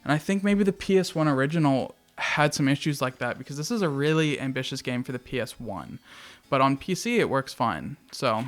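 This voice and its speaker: A man hosting a casual game review video, excitable and chatty, swearing casually as he talks. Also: mid-range voice, a little fast. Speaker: video essay host.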